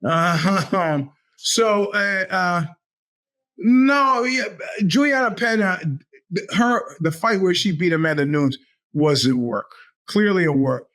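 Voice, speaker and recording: Animated, profane male podcast host. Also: high voice, slow pace. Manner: animated, profane, sarcastic storytelling; puts on quoted voices. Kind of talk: casual monologue.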